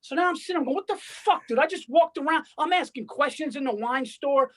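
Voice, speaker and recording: A man's voice: extremely high pitch, fast talker, fairly bright tone. A man co-hosting a casual comedy podcast, telling rambling, profane, worked-up stories. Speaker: podcast co-host.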